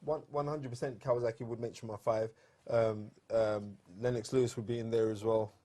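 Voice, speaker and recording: A man's voice: mid-range voice, steady tone, normal speed, warm tone. A man co-hosting a boxing show, talking emphatically with many stammered restarts. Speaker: boxing pundit co-host. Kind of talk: casual studio chat.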